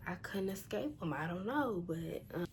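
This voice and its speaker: Her voice is fairly low and expressive, at a moderate pace, as this young vlogger tells a casual storytime. The telling is blunt, slangy and exasperated, with faint background noise.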